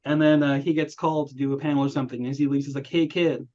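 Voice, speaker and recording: The lo-fi, dull recording captures a young man speaking very fast in a medium-pitched voice. Hosting a film review chat, he tells animated stories and performs the voices he quotes.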